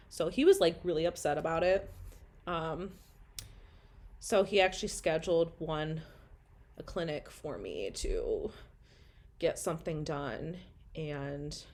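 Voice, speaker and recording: A woman's voice: deep voice, darkish tone. A young woman telling her own story in a rambling, candid way, full of "like" and blunt swearing.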